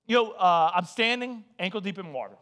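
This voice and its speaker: A man preaching a sermon as a guest speaker, conversational and animated, telling stories with acted-out quotes and repeating "man" and "listen". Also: high voice, brisk.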